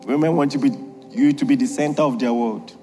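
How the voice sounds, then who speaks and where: A man's voice: mid-range voice, fairly quick, warm tone, big-room sound, soft background music. A man preaching a humorous sermon on marriage, jokey and emphatic, laughing often at his own lines.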